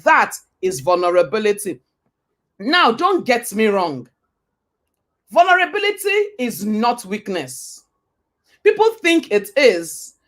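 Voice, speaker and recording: A woman's voice: mid-range voice, very animated, takes it slowly, long pauses, fairly bright tone. A woman giving a motivational talk. She speaks emphatically, repeats her points, asks rhetorical questions and sometimes quotes scripture like a preacher.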